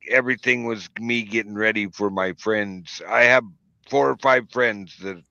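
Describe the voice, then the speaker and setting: A man's voice: fairly low pitch, moderate pace, vocal fry, pushed and bright, dry recording. A man chatting casually in a group voice chat, telling stories in a blunt way over a dull, lo-fi mic. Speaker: voice chat participant.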